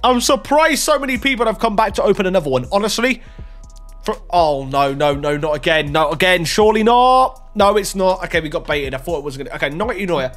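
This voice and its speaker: A young man hosts a pack-opening gaming video with a lively, bouncing voice. He jumps from excited shouts to drawn-out groans. Faint music plays underneath. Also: sits high. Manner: excitable, swinging between hype and groans. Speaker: gaming YouTuber.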